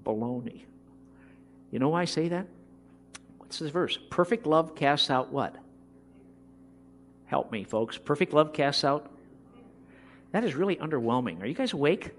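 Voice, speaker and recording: A man's voice: on the high side, lively intonation, unhurried, long pauses. A middle-aged man preaching a sermon, impassioned and emphatic. He acts out the voices of people he quotes.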